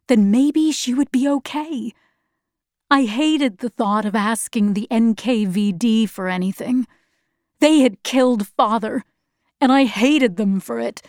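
A woman narrating a story in the first person, measured and plain. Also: a little high, a little mellow, no room sound, clean studio sound.

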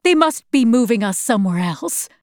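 A woman reading aloud, voicing a steady, protective mother with a calm, reassuring manner. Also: a little high, normal speed, dry recording, studio quality.

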